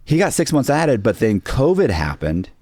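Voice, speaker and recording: A man's voice: mid-range voice, sing-song, normal speed, darkish tone, dry recording. A man, a podcast guest, telling a long story in a casual interview and acting out the dialogue of the people in it.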